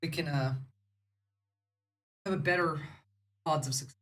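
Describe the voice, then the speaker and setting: A woman's voice: deep voice, fairly even intonation, a little slow, a little hiss or hum. A woman from the United States hosting a livestream, giving rambling, sarcastic political commentary. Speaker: livestream host.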